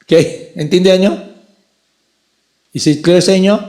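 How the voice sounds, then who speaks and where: A man with a Filipino accent giving a devotional lecture, slow and repetitive, often asking "Okay?" to check understanding. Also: sits high, fairly even intonation, dark tone, roomy sound. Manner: slow, repeats key words, checks with "Okay?". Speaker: spiritual lecturer.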